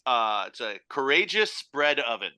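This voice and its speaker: Bright, lively joking man on a podcast. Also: mid-range voice, normal speed, clean tone, dry recording. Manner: joking, laughs often at own puns. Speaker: podcast co-host. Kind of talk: casual chat.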